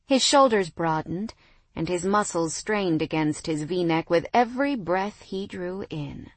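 A young woman narrating a first-person romance audiobook, reading the dialogue with expressive emotion. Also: lowish voice, measured pace, no echo.

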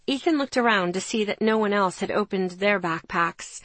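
A woman's voice: mid-range voice, fairly quick, hardly any pauses, no room sound. A woman narrating an audiobook in the first person, in a tense, subdued way on a close studio mic.

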